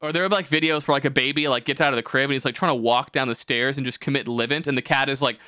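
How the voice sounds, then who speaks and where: A man's voice: medium pitch, steady tone, racing, bright, forceful tone, clear, resonant tone, dry recording, clean studio sound. A young man hosting a podcast, talking in a rambling, profane way and slipping into mocking voices. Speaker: podcast host. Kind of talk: casual podcast chat.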